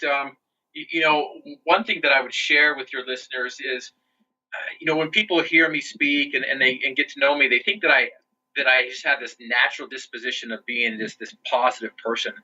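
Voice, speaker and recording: A man recounting his life on a podcast interview, earnest and unpolished, restarting his phrases often. His voice is very bright but husky. The audio sounds muffled and lo-fi. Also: medium pitch, steady tone, brisk. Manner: earnest, with frequent restarts and "you know". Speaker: interview guest.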